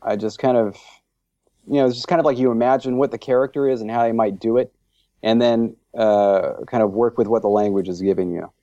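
Guy with a low gravelly voice, dark tone, gushing and rambly, dry muffled lo-fi sound. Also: steady tone, fairly quick, no echo. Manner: enthusiastic, rambling with many fillers. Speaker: interview guest, language creator. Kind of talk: casual interview chat.

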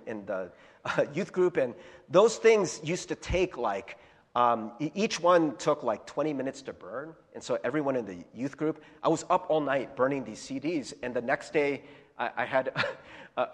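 Chatty pastor preaching in an echoing sanctuary. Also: male voice, medium pitch. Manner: candid storytelling with frequent self-deprecating laughs and fillers. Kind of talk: sermon.

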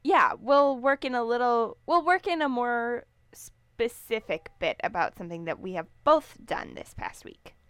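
A woman's voice: on the high side, expressive, measured pace, few pauses, fairly bright tone, smooth, dry recording. A young woman co-hosting a casual chat show, enthusiastic and playful, reacting eagerly to her friend. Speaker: co-host.

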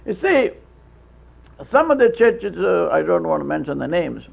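A man preaching a sermon, with halting restarts, telling stories and acting out voices. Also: high-pitched, big pitch swings. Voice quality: gravelly, husky. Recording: tinny phone-like old tape.

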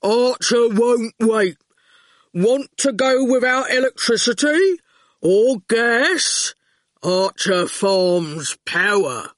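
Slow dopey goon guy, lady doing the voice, blunt and clipped, dry sound. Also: on the high side, dry recording, pitched above the performer's own voice. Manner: slow, flat, clipped speech. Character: big slow dim-witted male goon, grinning.

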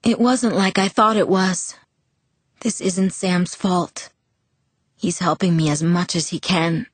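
A woman's voice: fairly low pitch, steady tone, takes it slowly, dry recording. Woman voicing a bitter angry teenage boy.

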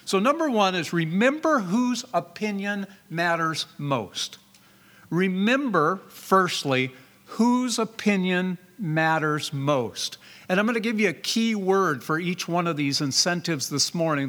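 A man with a high voice preaches a sermon to his congregation, stressing key words and asking rhetorical questions. His voice rings with a long reverb, as if it fills a large church hall. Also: animated, measured pace, few pauses, bright, forceful tone. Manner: rhetorical questions, emphatic repetition, reads scripture aloud. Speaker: pastor.

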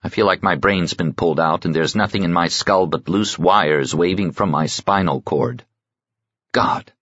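Guy reading grieving young lord, ragged and snappy, low dry voice, kinda muffled. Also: moderate pace, fairly bright tone, breathy edge, no echo. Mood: shaken. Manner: ragged, snapping then apologetic. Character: grief-stricken young nobleman, sharp-tongued.

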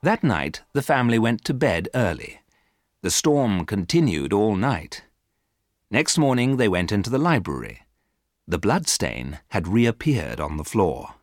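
A man reading a storybook aloud for learners, in a clear, deliberate way. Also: fairly low pitch, big pitch swings, no echo, studio quality. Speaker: narrator.

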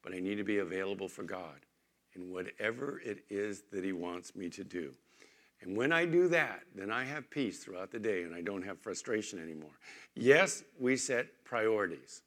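Male pastor, sermon, lowish voice, conversational, emphatic then quiet, church. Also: expressive, moderate pace. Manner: conversational preaching, swings from emphatic to quiet storytelling.

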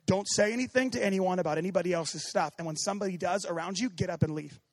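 A man preaching a sermon as pastor, animated, swinging from shouting to hushed tones and acting out quoted voices. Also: high voice, fast, no echo.

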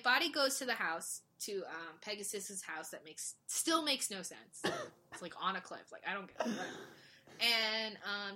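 Bright-voiced woman recapping a show. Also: mid-range voice. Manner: animated, quick, acts out characters' lines. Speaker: podcast co-host recapping a drama series. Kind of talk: casual chat.

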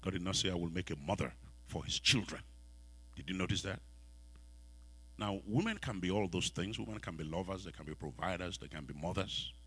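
A pastor with a West African accent preaches in church, putting questions to the congregation and moving between soft, quiet lines and loud ones. His voice is low, slightly rough, animated, and fairly quick.

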